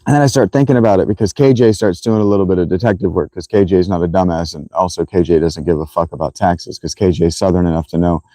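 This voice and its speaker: A man hosting a casual livestream, telling a rambling, profane, animated story to his viewers. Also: low voice, quick pace, few pauses, dry recording, poor audio. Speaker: livestream host.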